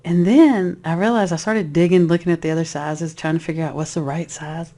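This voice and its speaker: Animated storyteller, rambling and lively. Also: medium pitch, brisk. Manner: animated, acts out voices in the story; rambling, with frequent restarts. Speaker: spiritual speaker. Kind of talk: casual personal storytelling.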